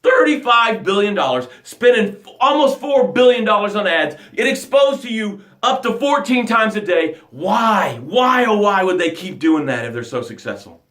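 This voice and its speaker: A man with a fairly high voice gives a motivational talk, in the manner of a coach. He is emphatic, rising to loud bursts and dropping to hushed lines. The room around him is echoey. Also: very animated, moderate pace, hardly any pauses.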